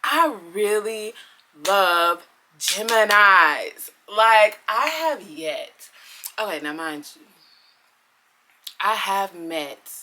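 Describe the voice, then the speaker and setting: A woman chats casually to her viewers, giggly and chatty. Her voice is bright and her pitch swoops all over. She lingers over words at an unhurried pace. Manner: animated and giggly, chatty asides. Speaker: vlogger. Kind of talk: casual chat.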